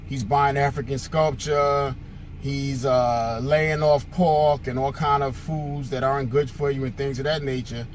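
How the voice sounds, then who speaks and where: A man's voice: medium pitch, steady tone, measured pace, slight background noise. A male host giving a casual, conversational monologue, telling stories with frequent fillers.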